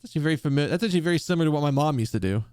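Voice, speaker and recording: Rambling, animated male streamer. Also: on the high side, rapid-fire, clear, resonant tone. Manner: rambling, profane, laughing. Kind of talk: casual storytelling while gaming.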